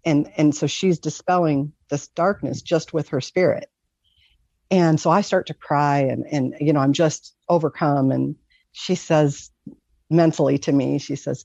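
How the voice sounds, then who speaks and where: A woman's voice: deep voice, vocal fry, darkish tone, no room sound, highs cut off. A middle-aged woman from Michigan, earnestly telling a personal story in a rambling, casual way. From Michigan, USA. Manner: earnest, rambling, with many fillers. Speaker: guest telling a near-death story.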